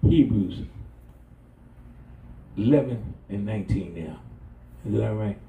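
Middle-aged male pastor, folksy call-and-response preaching, deep mellow tone, roomy sanctuary sound. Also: animated, measured pace, creaky, lo-fi sound. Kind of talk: sermon. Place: church sanctuary. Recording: echoey church, distant mic, faint noise.

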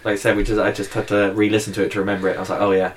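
A man's voice: fairly low pitch, flat delivery, rapid-fire, a little hiss or hum. A man co-hosting a podcast, blunt and sweary in casual chat. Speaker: podcast co-host.

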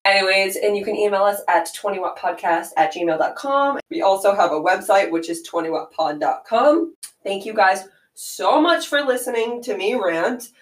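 A young woman hosting a podcast on her own, chatting casually and filling her speech with "like" as she tells a story. Her voice sits at a middle pitch, and it rings a little in an echoey room. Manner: chatty, filler-heavy with frequent "like". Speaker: podcast host.

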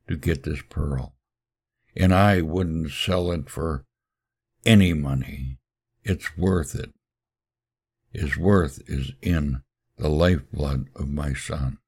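A man's voice: low voice, a little mellow, heavily acted. A man voicing an old male pearl diver, proud and devoted, in a solemn storybook telling. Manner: solemn, earnest pleading.

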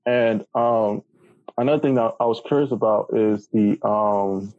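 A man's voice: fairly low pitch, a little slow, no room sound, phone-quality sound. Rambling man hosting a podcast. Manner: rambling questions full of fillers and restarts. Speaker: podcast host. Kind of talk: casual interview chat.

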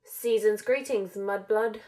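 A woman's voice: medium pitch, moderate pace, a little mellow, close to an everyday voice, rough recording. A woman voicing a cold, sneering young man who speaks in a clipped drawl. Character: cold, sneering young male lord's enforcer.

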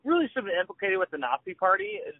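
High, lively man over a phone line. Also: rapid-fire, slightly rough, dry recording. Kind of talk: casual movie podcast chat.

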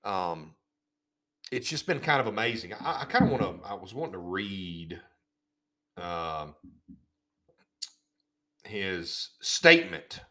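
A man's voice: low-pitched, sing-song, slow pace, pauses often, sharp tone. A man hosting a podcast, ranting in an indignant, sarcastic tone and often repeating words as he goes. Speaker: podcast host. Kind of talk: casual ranting commentary.

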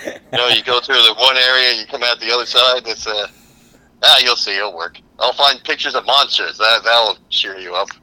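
A man doing a brash, fast-talking explorer. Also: medium pitch, sharp tone, dry recording, poor audio. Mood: reassuring. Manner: fast-talking, pushy and reassuring. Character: boastful old-time male explorer insisting he is Italian.

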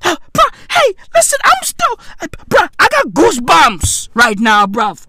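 A woman, ranting comically in loud, profane, exclamatory slang. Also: very high voice, sing-song, a little slow, hardly any pauses, no echo. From South Africa. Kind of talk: comic rant.

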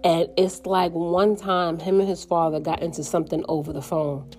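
A middle-aged woman and mother speaking earnestly in a reflective personal monologue, slowing down when things get painful. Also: fairly low pitch, level tone, a little mellow. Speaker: mother sharing her story.

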